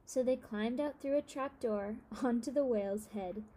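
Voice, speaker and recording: Woman, storyteller, somewhat high voice, steady expressive reading, children's story. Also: moderate pace, a little hiss or hum.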